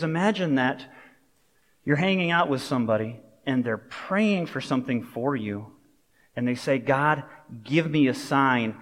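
A man preaching a sermon as a pastor, in a relaxed, conversational way with personal stories and asides. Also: on the high side. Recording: long reverb of a large hall.

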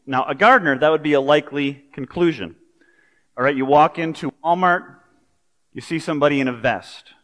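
Man, preacher, fairly high voice, conversational storytelling sermon, long hall reverb. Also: fairly quick. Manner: conversational, animated storytelling with pop culture asides.

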